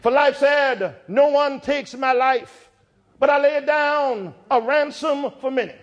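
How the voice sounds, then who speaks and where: A man with a very high voice preaches in a church. He speaks in rhythmic, repeated phrases and climbs from low, thoughtful passages to full shouts. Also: unhurried, highs cut off. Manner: rhythmic, building to shouted climaxes. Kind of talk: sermon.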